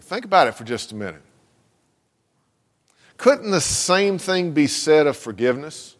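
Male pastor, sermon delivery, rhetorical questions, a touch high-pitched, long church reverb. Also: sing-song, a little slow, long pauses. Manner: earnest, asks the congregation rhetorical questions. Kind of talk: sermon with scripture reading. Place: church sanctuary.

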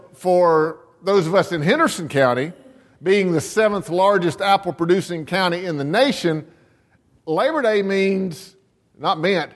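A man in his sixties, from America, preaching a sermon with slow rhetorical questions and deliberate emphasis. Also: high voice, big-room sound. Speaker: pastor.

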